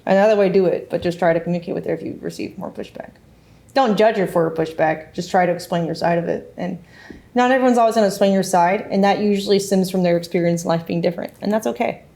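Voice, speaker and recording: A woman's voice: fairly low pitch, quick pace, creaky, mellow. Frank, giggly woman streamer. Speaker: streamer giving advice to callers. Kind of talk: casual chat.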